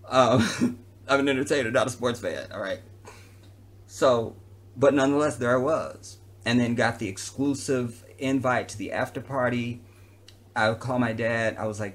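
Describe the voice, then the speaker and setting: Animated man telling a story. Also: mid-range voice, normal speed, a little hiss or hum. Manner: animated, conversational, slangy. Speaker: entertainer. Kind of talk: personal storytelling to camera.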